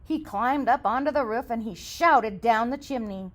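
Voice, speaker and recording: A woman reading a children's story aloud in an expressive, sing-song storytelling manner. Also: on the high side, moderate pace, hardly any pauses.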